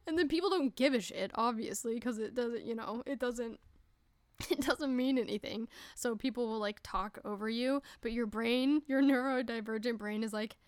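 A woman's voice: a little high, dry recording. Young woman rambling on her podcast, laughs a lot, cusses, dry close sound. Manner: chatty and giggly, swearing, breaking into quick voices. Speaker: podcast host. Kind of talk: casual solo podcast chat.

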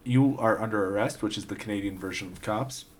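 A man chatting casually on a podcast, an animated storyteller who swears freely and acts out the people in his stories. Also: lowish voice, brisk. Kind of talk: casual chat.

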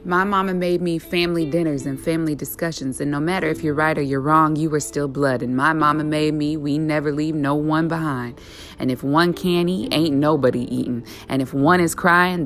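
A woman's voice: low voice, steady tone, normal speed, soft background music. A woman with a Southern accent performing a rhythmic, defiant spoken-word poem. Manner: rhythmic, defiant, rising to forceful peaks.

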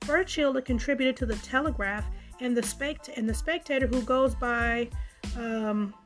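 A woman's voice: a little high, normal speed, soft background music. A woman hosting a podcast, reading out news and reacting bluntly and indignantly, swearing freely. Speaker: podcast host. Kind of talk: casual news commentary.

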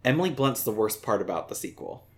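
A woman co-hosting a casual chat, laid-back, laughing often and answering with quick agreement. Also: rumbling low, sing-song. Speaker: podcast co-host.

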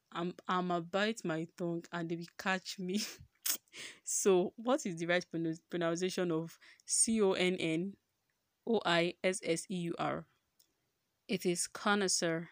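A young woman with a Nigerian accent chats on her solo podcast, her voice sitting a little low. She jokes freely and keeps asking rhetorical questions. The recording is close and dry, with no room sound. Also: no room sound. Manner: chatty, joking, rhetorical questions. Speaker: podcast host. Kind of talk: casual solo podcast chat.

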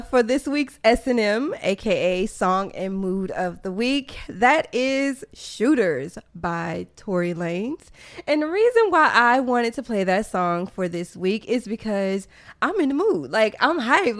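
A woman hosting a casual podcast, talking in excited, slangy bursts and laughing often. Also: on the high side. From American South. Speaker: podcast host.

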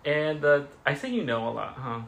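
Gravelly man chatting hesitantly on a podcast. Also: a little high, very animated, moderate pace, a bit bright, a little hiss or hum. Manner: hesitant, lots of fillers. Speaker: podcast co-host. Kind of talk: casual chat.

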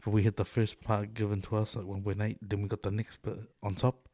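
A man's voice: on the low side, flat delivery, brisk, dark tone, no room sound. A middle-aged man with a New Zealand accent co-hosting a podcast, talking loosely with lots of swearing, laughs and "eh". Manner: loose, swears a lot, laughs often, fillers like "eh" and "bro". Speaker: podcast co-host. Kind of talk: casual chat.

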